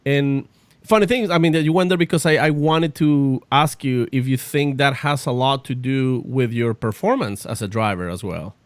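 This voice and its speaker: A man's voice: mid-range voice, moderate pace, no room sound. A man co-hosting a podcast, talking animatedly with plenty of fillers. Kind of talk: casual podcast chat.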